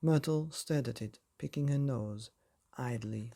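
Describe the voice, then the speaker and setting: A man's voice: mid-range voice, measured pace, warm tone. A man hosting a bedtime story podcast, reading a chapter aloud in a cosy, theatrical storytelling manner. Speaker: bedtime story narrator and host.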